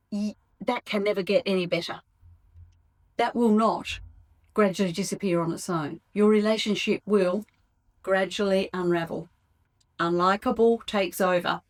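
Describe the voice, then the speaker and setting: A woman's voice: medium pitch, rough recording. Woman coaching couples on a podcast. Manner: conversational, acts out sample lines to a partner. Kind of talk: solo advice podcast.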